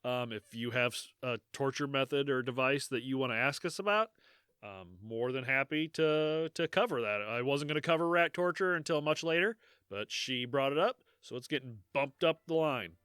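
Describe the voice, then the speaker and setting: Man, podcast co-host, casual chat, joking, laughing, bright tone, dry close sound. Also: mid-range voice, moderate pace, smooth, dry recording.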